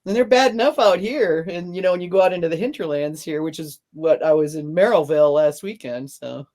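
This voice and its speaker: A podcast host, a woman with a slightly low voice. She talks in a loose, rambling way and breaks into laughter often as she chats. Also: a little fast, a little mellow. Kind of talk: casual chat.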